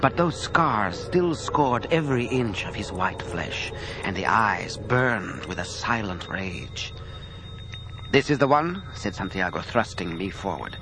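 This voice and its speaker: A man narrating an audiobook in the first person. His reading is lively and expressive, with a voice that rises and falls widely at a middle pitch. Music plays clearly under his voice. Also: a little slow, few pauses.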